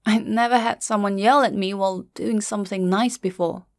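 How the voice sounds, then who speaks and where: A middle-aged woman narrating a first-person story in a quiet, measured, grieving way. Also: mid-range voice, steady tone, no room sound.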